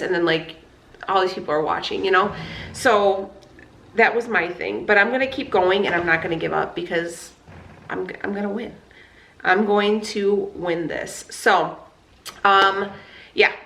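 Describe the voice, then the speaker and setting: A woman's voice: medium pitch, creaky, fairly bright tone, echoey room. A woman in her thirties chatting candidly as a vlogger, fired up, with lots of fillers and swearing. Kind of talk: casual chat.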